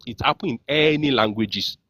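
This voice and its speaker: A man's voice: mid-range voice, normal speed, fairly bright tone. A man with a Nigerian Yoruba accent, speaking as a guest in an online group discussion, earnest and full of fillers and repeats.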